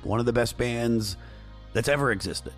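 A hoarse man hosting a podcast in loose, profane, rambling casual chat. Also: mid-range voice, moderate pace, faint music behind. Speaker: podcast host.

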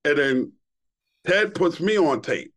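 A middle-aged man from Queens spins a long, profane tale in casual podcast talk. His voice sits a little high for a man, and he tells it with lively energy. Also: takes it slowly. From Queens, New York. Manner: profane, animated storyteller. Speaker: guest, radio DJ.

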